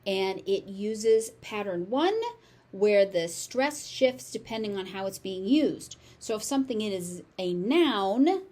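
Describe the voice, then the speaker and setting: Slow, deliberate American woman teaching pronunciation. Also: mid-range voice, darkish tone. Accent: General American. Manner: repeats each word slowly and deliberately. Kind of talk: slow, carefully articulated pronunciation lesson.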